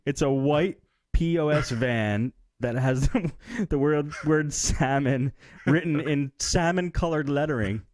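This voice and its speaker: A man's voice: a little high, a little slow, darkish tone, no echo, studio quality. A man co-hosting a late-night tech podcast, chatting casually and reacting with disbelief and laughter. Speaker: podcast co-host. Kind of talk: casual chat.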